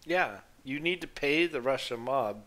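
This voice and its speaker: A man's voice: medium pitch, lively intonation, measured pace, a bit bright. A man on a voice call, chatting in a wry, matter-of-fact way. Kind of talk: casual chat.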